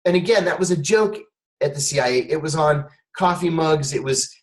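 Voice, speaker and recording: Pitched fairly high and speaking briskly, this former intelligence officer recounts a long story from his own life during an interview. He brings it to life by imitating the people he quotes, though the recording is low quality.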